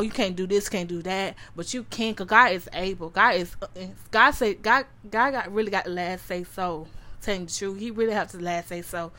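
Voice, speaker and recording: A young adult woman with a mid-range, pushed, bright voice hosts her own podcast. Earnestly and repetitively, she shares her personal story as testimony to a live audience, calling listeners honey.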